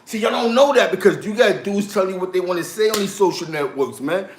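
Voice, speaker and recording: This high-pitched man talks fast, and there's a faint hiss or hum on the recording, which was made in an echoey room. Chatting casually, he tells street and prison tales, laughing often and performing the quotes of others with lively energy.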